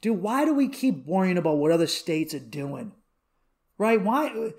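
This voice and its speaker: A man in his thirties hosting a comedy podcast alone, rambling through profane, animated stories and rants. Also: high voice, normal speed, gravelly. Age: 30s. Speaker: podcast host. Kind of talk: comedic solo podcast rant.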